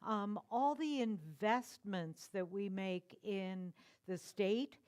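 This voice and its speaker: Woman, policy advocate, slow deliberate delivery, smooth resonant voice, explanatory. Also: mid-range voice, a little mellow. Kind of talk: explanatory public talk on the state budget.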